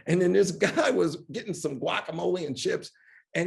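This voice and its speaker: A man's voice: sits high, normal speed, gravelly. A man as a guest in a live conversation, telling stories animatedly and acting out other people's lines. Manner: acts out quoted voices, lively and emphatic. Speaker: guest, media executive. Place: event hall on stage.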